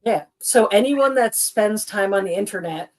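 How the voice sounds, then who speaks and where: A woman co-hosting a relaxed chat show, talking in a loose, rambling way. She restarts her sentences often and fills them with "like". She stays animated throughout and laughs easily at herself. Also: mid-range voice, moderate pace. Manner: chatty and rambling, full of "like" and restarts. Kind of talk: casual chat.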